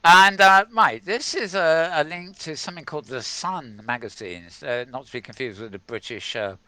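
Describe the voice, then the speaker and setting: A man's voice: a little high, expressive, moderate pace, sharp tone. A man hosting a casual tech news show, rambling and chuckling as he goes. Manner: rambling, chuckling, self-mocking.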